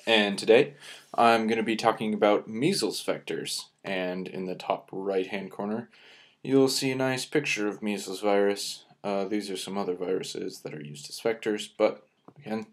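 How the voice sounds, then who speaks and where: A man's voice: lowish voice, moderate pace. A young man with a Minnesota accent giving a casual science lecture over slides, explaining loosely with plenty of filler words. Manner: relaxed, filler-heavy explaining with frequent "uh"s.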